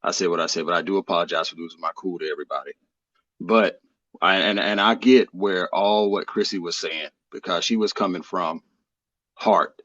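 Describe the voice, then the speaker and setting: A man's voice: low voice, moderate pace, fairly bright tone, dry recording, lo-fi sound. A man speaking on a livestream panel, conciliatory and preachy, drawing out his phrases.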